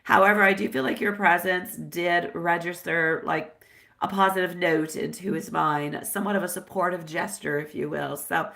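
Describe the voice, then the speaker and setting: A woman's voice: on the low side, creaky, fairly bright tone. A woman doing a live-stream tarot reading, chatty and affectionate, dropping Italian phrases as she answers viewers. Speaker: tarot reader.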